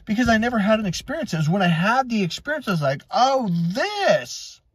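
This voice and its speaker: A middle-aged man from Wisconsin telling personal stories as a life coach, animated and acting out quoted voices. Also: racing, husky, dry recording. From Wisconsin, USA. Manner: animated, swings between high and low pitch, acts out quotes. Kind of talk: personal storytelling monologue.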